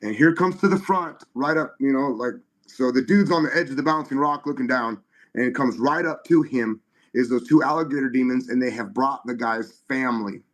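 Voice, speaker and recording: Animated, halting male storyteller. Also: mid-range voice. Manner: animated, halting, with many restarts and fillers. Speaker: guest. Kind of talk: conversational testimony storytelling.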